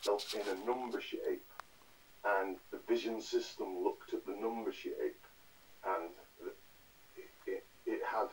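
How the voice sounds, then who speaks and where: A man with a low voice speaks haltingly, often restarting his words. He sounds far from the mic in a played recording. Faint noise and clicks run underneath. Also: fairly even intonation. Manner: halting and tentative. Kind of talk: recorded lecture clip.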